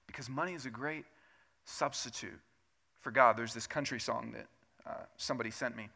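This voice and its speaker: Guy preaching in church, bright ringing voice, chatty, asks questions then gets loud and punchy. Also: medium pitch, moderate pace, creaky. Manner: conversational preaching with rhetorical questions, rising to loud emphatic peaks. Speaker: pastor. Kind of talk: sermon. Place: church sanctuary.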